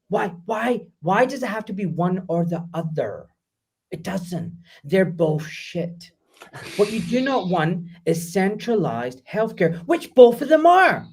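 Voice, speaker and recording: A middle-aged man with a voice that sits high appears as a guest doctor in a casual interview. He's animated and emphatic and swears freely.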